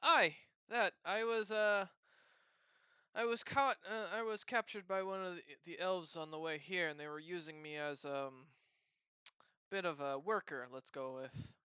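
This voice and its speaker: A man's voice: sits high, a little slow, pushed and bright, clean tone, dry recording, muffled recording. A man voicing a cheerful, catlike female bodyguard and former clan nursemaid who talks eagerly. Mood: chatty.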